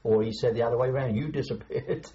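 A man's voice: medium pitch, little pitch movement, fast, mellow, slight background noise. An older man recalling wartime memories in an oral history interview, rambling and hesitant, chuckling as he remembers. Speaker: veteran interviewee. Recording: dull lo-fi recording.

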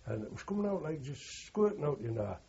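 A man's voice: fairly high pitch, big pitch swings, fast, mellow, breathy edge, muffled recording. An older man, a war veteran, telling rambling anecdotal recollections in an interview. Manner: rambling anecdotal, frequent "you know" and "like". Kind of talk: oral history recollection.

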